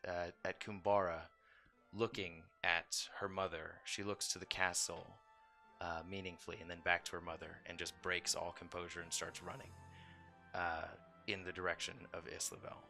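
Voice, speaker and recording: Low-voiced male dungeon master, bright tone, easygoing filler-heavy narration. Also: moderate pace, creaky, faint music behind. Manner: relaxed storytelling with many fillers. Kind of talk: narrating a tabletop game.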